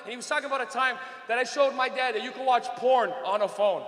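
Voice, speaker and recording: A man's voice: very high voice, fast, a bit bright. Brash young man, stand-up set. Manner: brash, profane, laughing storyteller. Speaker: stand-up comedian. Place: comedy club stage. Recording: echoey club with long reverb.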